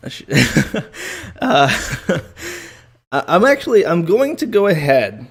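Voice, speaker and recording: A man's voice: fairly high pitch, very animated, takes it slowly, vocal fry, breathy edge. A man hosting a stream, talking in a casual, sardonic, profane way as he comments on a clip. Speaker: streamer host.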